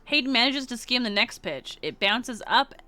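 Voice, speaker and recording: Bright-voiced woman streamer reading a game. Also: fairly high pitch, animated, moderate pace, soft background music. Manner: giggly, casual, narrating. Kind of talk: reading a visual novel aloud.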